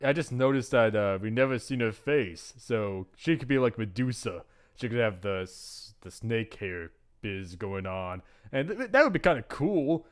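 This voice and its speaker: Man, let's play host, rambling jokey asides, animated delivery. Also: mid-range voice, normal speed, smooth. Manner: joking, rambling asides with fillers. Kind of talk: casual commentary while reading a visual novel.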